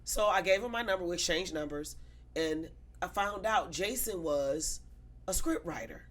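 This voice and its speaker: A woman guest telling a story in casual chat, animated and profane, acting out the people she quotes. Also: on the low side, moderate pace.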